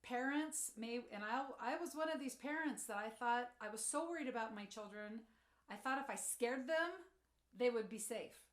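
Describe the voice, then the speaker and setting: A middle-aged woman giving a motivational talk, telling personal stories and acting out quotes, softening her voice for tender moments. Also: moderate pace, reverberant. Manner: storytelling, acts out quotes, drops soft and low for tender moments. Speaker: speaker.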